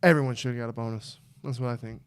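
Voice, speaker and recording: Young male podcast co-host, smooth resonant voice, casual and rambling, prone to loud fired-up outbursts. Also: fast. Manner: excitable, swings from low mumble to loud outbursts. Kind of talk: casual chat.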